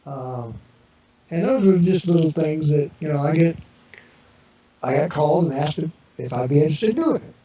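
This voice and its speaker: A man's voice: fairly high pitch, lively intonation, moderate pace, warm tone. A man as an interview guest, telling rambling casual anecdotes full of fillers and restarts, acting out the voices of people in his stories. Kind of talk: casual storytelling. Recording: echoey, distant, muffled internet radio audio with crowd noise.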